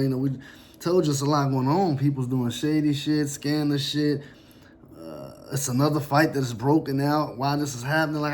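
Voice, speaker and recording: A man telling a personal story in a somber, reflective, halting way. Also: mid-range voice, darkish tone, a little hiss or hum.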